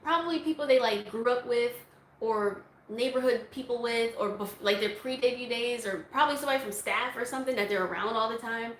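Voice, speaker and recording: A woman's voice: a little high, fairly quick, a bit bright, reverberant, slight background noise, poor audio. A woman vlogger answering viewer questions in a casual, chatty way, laughing often. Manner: chatty, laughs often, breaks into song snippets. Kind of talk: casual Q&A chat.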